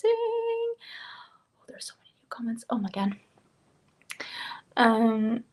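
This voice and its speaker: Swedish-accented woman, young, casual livestream host, chatty, laughs often, slightly high voice. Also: fairly bright tone. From Sweden. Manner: chatty, laughs often, reads out viewer comments. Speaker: beauty vlogger hosting a livestream.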